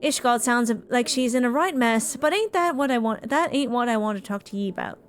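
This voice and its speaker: A woman voicing a gruff one-eyed male mercenary captain in a rough, pirate-style brogue while reading game dialogue aloud. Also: a little high, lively intonation, brisk, slight background noise, lightly acted.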